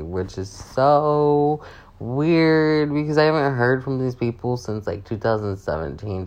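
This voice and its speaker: A young man with a sore voice ranting in a casual vlog, sassy and profane. He talks at an unhurried, drawn-out pace in a medium-pitched voice. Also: a little mellow. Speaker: vlogger.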